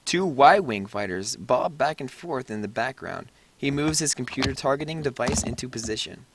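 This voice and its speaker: Man, stage-direction reader, casual read-through, stumbles over words, mid-pitched voice. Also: animated, background noise. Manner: reads haltingly, stumbles on words.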